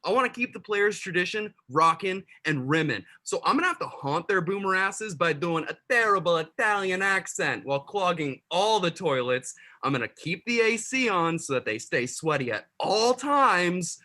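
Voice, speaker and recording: Man as drunk ghost bro, bright voice, slangy and loose, webcam sketch. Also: high-pitched, expressive, normal speed, hardly any pauses. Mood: rowdy. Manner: slurring, laid-back slang. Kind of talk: amateur comedy sketch over video call.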